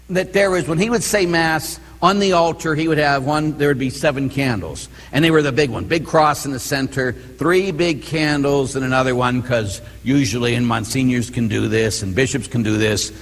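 A man, a priest, giving a conversational teaching sermon in a church and often asking whether the listeners follow. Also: medium pitch. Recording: long reverb in a large room.

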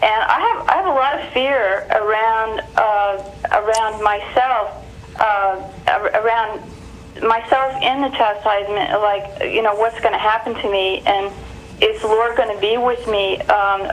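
A woman's voice: medium pitch, a little slow, slight background noise, rough recording. A woman from California calling in to a show, hesitant, with many ums and restarts. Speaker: caller. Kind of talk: phone-in question.

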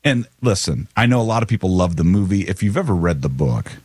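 A man's voice: deep voice, lively intonation, quick pace, a little mellow, husky, dry recording. A man co-hosting a podcast, chatting casually and rambling with teasing asides. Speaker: podcast co-host. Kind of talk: casual chat.

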